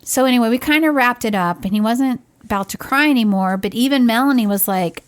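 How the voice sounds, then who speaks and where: A middle-aged woman co-hosting a podcast, telling a story in an animated way and acting out what others said. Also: on the high side, brisk. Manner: animated, acts out quoted voices. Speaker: podcast co-host, parent. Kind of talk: casual conversational storytelling.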